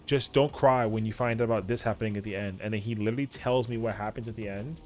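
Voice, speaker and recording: Talking quickly in a voice on the low side, a man streams a game and spins a casual yarn. He's lively, slangy, and swears freely, acting out quotes from his friends.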